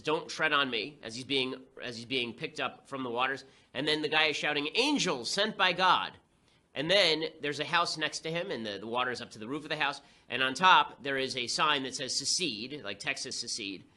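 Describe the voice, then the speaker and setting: A young man delivering a fast, sarcastic, combative political commentary monologue. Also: medium pitch, sharp tone.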